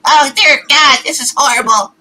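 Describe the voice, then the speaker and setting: A woman's voice: high-pitched, moderate pace, bright, forceful tone, rough recording. A woman co-hosting a casual TV review, giggly and playful. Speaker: co-host.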